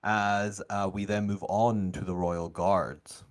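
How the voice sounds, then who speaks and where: Man, game master, low voice, relaxed rules talk, tabletop game narration. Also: slow.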